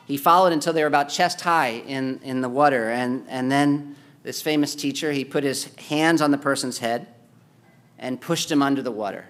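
A man preaching a sermon, swinging between loud, pressing exhortation and quiet, low-key storytelling. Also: normal speed. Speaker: pastor.

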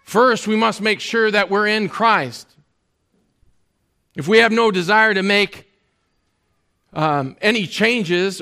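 A pastor delivers his sermon in a high-pitched male voice. He talks to the congregation in a relaxed, conversational way, often pausing on fillers.

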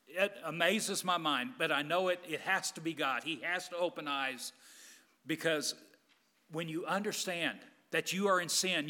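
Impassioned preacher man in a reverberant hall. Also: on the high side. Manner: impassioned, swings from loud emphasis to hushed quiet. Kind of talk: sermon. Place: church.

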